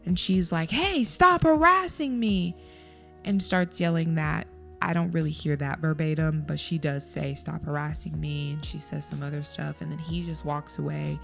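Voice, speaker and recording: A woman's voice: low-pitched, level tone, moderate pace, vocal fry, darkish tone, faint music behind. A woman hosting her own podcast, telling a story in a chatty, rambling way with lots of "like". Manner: chatty, rambling, heavy use of "like". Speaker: podcast host. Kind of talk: casual solo podcast storytelling.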